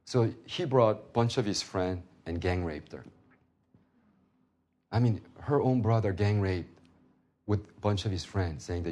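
Lively preaching pastor, low voice. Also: male voice, a little slow, pauses often. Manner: animated, swings from loud preaching to hushed storytelling. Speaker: pastor and seminary teacher. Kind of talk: sermon with personal stories.

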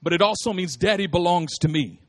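A man preaching a lively, humorous sermon, repeating phrases for emphasis and calling out to his listeners. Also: sits high, fairly quick. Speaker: pastor.

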